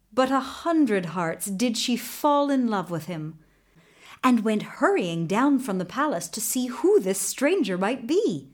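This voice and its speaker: Female narrator for a storybook; measured, animated delivery. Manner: slow, expressive reading with lively pitch. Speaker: audiobook narrator.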